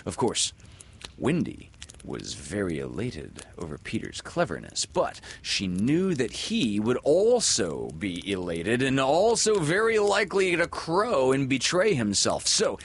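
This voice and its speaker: A man narrating a classic children's story aloud with an expressive, dramatic delivery. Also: medium pitch, unhurried, slightly rough.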